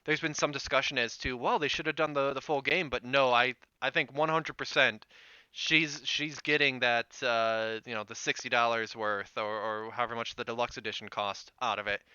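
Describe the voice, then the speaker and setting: Bright-voiced chatty male podcaster. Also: mid-range voice, clean tone, no room sound. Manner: chatty, lively, quick bursts. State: head cold. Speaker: podcast co-host. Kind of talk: casual chat. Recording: dry, slightly dull remote stream.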